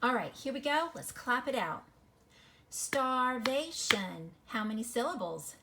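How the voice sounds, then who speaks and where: A woman teaching a phonics lesson to children, encouraging and sounding words out slowly syllable by syllable. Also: fairly high pitch, very animated, gravelly, background noise. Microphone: recorded video lesson.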